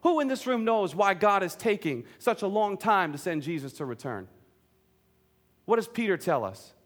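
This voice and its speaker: A man's voice: high-pitched, sing-song, moderate pace. A man preaching a sermon, earnest and direct, asking the congregation questions and joking in between. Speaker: pastor.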